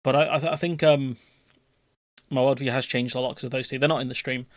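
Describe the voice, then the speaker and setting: A man's voice: medium pitch, fairly even intonation, fast talker, no room sound. A young man chatting casually on a live political stream, rambling with restarts and offhand swearing.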